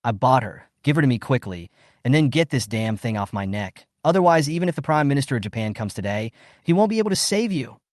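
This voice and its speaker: A pompous old beast master barks threats and insults, as a male recap narrator puts him on. The voice jumps around with lively pitch and sits dry and close, with no room sound. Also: quick pace, dry recording, natural voice. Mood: blustering. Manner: blustering, threatening. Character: arrogant older male American beast master.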